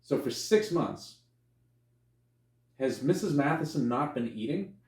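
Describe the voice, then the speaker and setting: A man in casual conversation, rambling through a film's plot with lively acted-out bits and plenty of swearing. His voice sits at an ordinary middle pitch. The recording picks up a roomy echo. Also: a little slow. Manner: animated retelling, acts out characters with sudden high yelps, swears freely. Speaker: podcast co-host. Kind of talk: casual movie review chat. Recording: echoey room.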